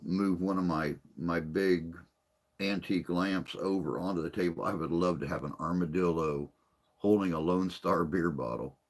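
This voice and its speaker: A man's voice: low-pitched, moderate pace. A man chatting casually on a live stream, rambling and folksy, a little tired and unwell.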